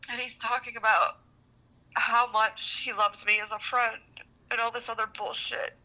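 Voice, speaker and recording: A woman's voice: a little high, level tone, normal speed, bright, forceful tone, poor audio. A woman telling a personal relationship story as a podcast guest, frustrated, venting, and swearing a lot. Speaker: guest seeking relationship advice.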